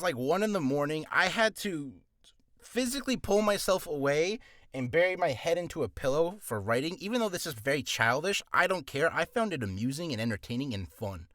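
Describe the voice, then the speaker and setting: A man's voice: a little high, animated, brisk, a bit bright, no room sound. Rambling male voice actor, dry booth. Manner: rambling, with many restarts and apologies. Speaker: voice actor teaching. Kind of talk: casual tutorial talk. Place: home recording booth. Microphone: studio mic with pop filter.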